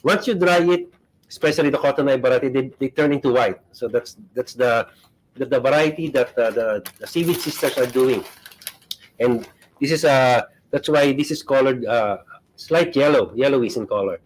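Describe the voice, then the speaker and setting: Halting guest explaining products. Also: male voice, medium pitch, low-quality recording. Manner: halting, many fillers.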